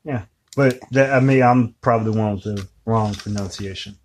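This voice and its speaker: A man co-hosting a podcast in casual chat, making wry deadpan jokes. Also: on the low side, normal speed, a little hiss or hum. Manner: joking, wry, deadpan asides. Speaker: podcast co-host.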